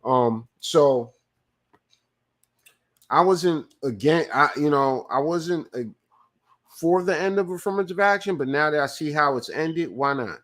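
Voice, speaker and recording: Profane livestream host telling stories. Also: male voice, a little high, unhurried, pauses often, fairly bright tone. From California. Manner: profane, loose storytelling with restarts; reads viewer chat aloud and answers it. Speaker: live show host. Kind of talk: casual livestream commentary.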